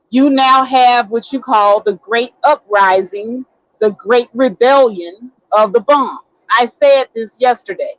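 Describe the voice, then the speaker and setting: Emphatic high-voiced woman streamer, slow delivery. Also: no room sound. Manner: emphatic, repeats key words, addresses viewers as y'all. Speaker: host. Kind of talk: casual live-stream commentary. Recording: dull lo-fi dry sound.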